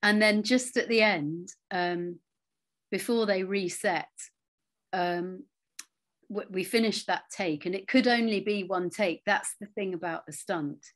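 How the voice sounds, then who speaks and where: A middle-aged woman recounts her stories in a casual interview. She talks with a lively storyteller's manner and drops into quiet asides. Her pitch sits mid-range for a woman. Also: unhurried. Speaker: interviewee, actress. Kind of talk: anecdotal interview chat.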